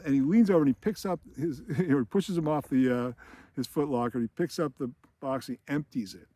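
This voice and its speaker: A man's voice: a little high, fairly quick, a little mellow. A man hosting film commentary, retelling scenes casually, rambling with chuckles and fillers.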